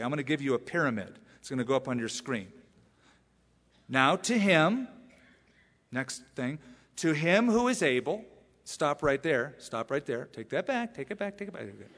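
A man preaching a sermon as a pastor, animated and emphatic, repeating phrases for effect. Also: a little high. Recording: long reverb of a large church hall.

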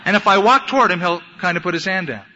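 Young guy preaching, earnest and emphatic, a bit high and bright, lots of echo. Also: lively intonation, fast, a little hiss or hum. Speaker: pastor. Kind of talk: sermon. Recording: echoey hall, dull lo-fi sound.

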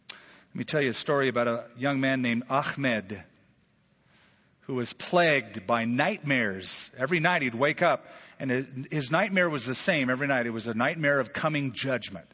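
A man's voice: mid-range voice, expressive, normal speed, bright, forceful tone, slightly rough. A man preaching a sermon from America, telling stories with animation and acting out quoted voices. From United States. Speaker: pastor. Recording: dull, reverberant hall sound.

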